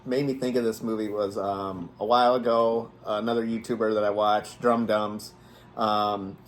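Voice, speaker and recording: A man's voice: lowish voice, level tone, normal speed, slight background noise. A man co-hosting a horror movie review in casual chat, hesitant, with many ums and restarts as he explains.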